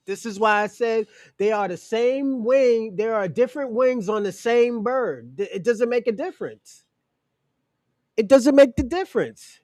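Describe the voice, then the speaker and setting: A man's voice: extremely high pitch, expressive, measured pace, a little mellow, no room sound, clean studio sound. A man in his forties giving casual political commentary, emphatic and indignant, often repeating his phrases. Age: 40s. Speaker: commentary host.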